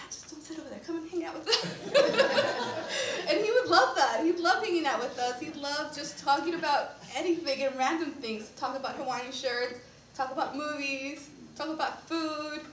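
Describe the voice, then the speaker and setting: A high-pitched woman giving a eulogy at a memorial service, with emotion catching in her voice as she laughs through tears and apologizes. She is picked up from a distance in a reverberant church with a faint hiss underneath. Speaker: resident services director at a senior living community. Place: church sanctuary.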